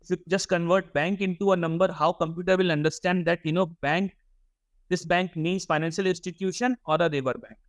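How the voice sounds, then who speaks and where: A young man lectures a workshop class in a slightly high voice, recorded dry and close with no room echo. He often repeats words and keeps asking the students questions. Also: steady tone, brisk. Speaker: workshop instructor.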